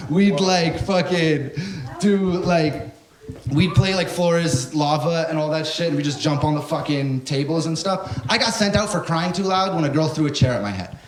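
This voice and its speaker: A man's voice: on the high side, moderate pace. A young man doing a stand-up comedy set, telling stories animatedly and swearing a lot while he acts out the people in them. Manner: animated storytelling, heavy swearing, acts out characters. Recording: echoey room with live audience. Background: audience crowd.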